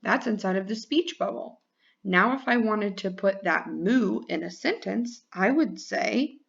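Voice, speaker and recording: A woman teacher speaks to young children in a slow, clear, sing-song voice, stretching out her words. Her voice sits a little high. The recording sounds dull and lo-fi, like a simple home setup. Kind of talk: classroom lesson for children.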